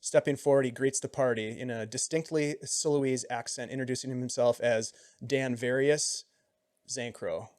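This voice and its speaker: A man acting as game master, recapping and narrating a tabletop game in a relaxed way, often trailing off softly. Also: medium pitch, normal speed, no room sound, studio quality. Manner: relaxed, with frequent ums and trailing soft phrases.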